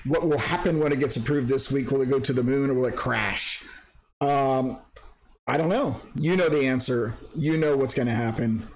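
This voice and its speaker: A man's voice: mid-range voice, moderate pace, a little hiss or hum. A man in a casual, rambling screen-share vlog about crypto mining who jokes around and breaks into silly sing-song bits.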